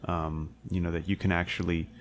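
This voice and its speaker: A man's voice: sits low, flat delivery, brisk. A young man telling a hiking story in casual chat, rambling and swearing, full of fillers and restarts. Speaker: podcast co-host recounting a hiking trip.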